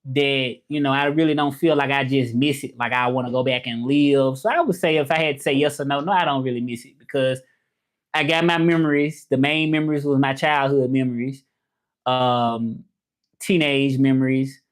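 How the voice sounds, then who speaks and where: A man from Memphis, hosting a casual livestream and talking in a relaxed, rambling way with lots of fillers. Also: mid-range voice, normal speed. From Memphis, USA. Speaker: livestream host.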